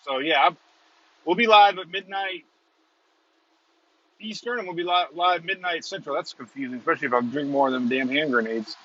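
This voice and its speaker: A man rambles and chuckles through a casual livestream chat from inside a moving car. His voice sits a little high, and the lo-fi audio sounds dull and muffled. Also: brisk, pauses often, pushed and bright. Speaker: storm chaser, stream host. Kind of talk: casual live chat while driving.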